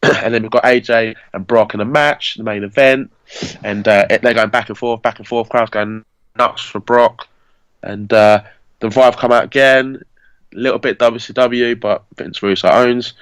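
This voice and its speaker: A man's voice: mid-range voice, fairly bright tone, no room sound, low-quality recording. A man, hosting a podcast and chatting casually as he rambles through a story and corrects himself along the way. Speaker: podcast host. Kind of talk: casual fantasy-booking chat.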